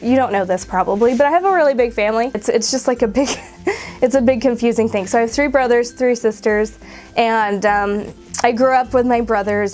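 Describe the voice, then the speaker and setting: A woman's voice: on the high side, darkish tone. A woman in her twenties talking casually to camera, emotional and close to tears, with laughs between her words. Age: 20s. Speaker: vlogger.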